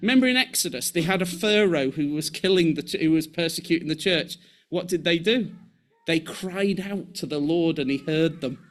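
Male preacher, high voice that swings widely, animated, acts out voices, restarts phrases. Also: moderate pace. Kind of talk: sermon.

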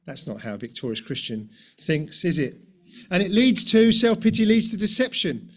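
Man, high voice, middle-aged, conversational sermon, rhetorical questions, tag questions. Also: very animated, moderate pace. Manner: rhetorical questions and tag questions, self-deprecating asides. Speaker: preacher.

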